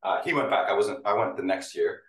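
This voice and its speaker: A man, originally from Hungary, giving an academic talk with halting delivery and many fillers, sometimes emotional. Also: on the low side, fairly bright tone. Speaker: lecturer. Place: lecture room with audience. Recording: roomy sound, mic at a distance.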